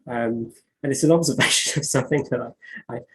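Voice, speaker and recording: A man chats about his writing in a halting way, full of ums and restarts. Then he reads his own poems aloud with measured care. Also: medium pitch, fairly bright tone, a little hiss or hum, rough recording. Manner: hesitant, many fillers and restarts. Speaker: poet and author. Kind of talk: conversational interview, reading poetry aloud.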